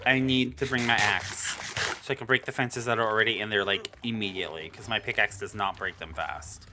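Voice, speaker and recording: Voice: medium pitch, a little fast, background noise. A Minecraft creator talking through their own gameplay, exasperated, telling the game's mobs off and muttering mild curses at them. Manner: exasperated, talks to the game mobs, swears mildly. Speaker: Minecraft let's-play creator. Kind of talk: live gameplay commentary.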